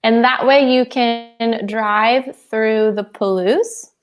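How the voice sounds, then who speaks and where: A woman helps lead a casual English webinar over a video call. She speaks at a slow pace and stops to think before she answers. She laughs easily. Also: fairly high pitch, steady tone, clear, resonant tone. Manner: slow, thoughtful, giggly. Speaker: webinar co-host. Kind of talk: casual online English lesson.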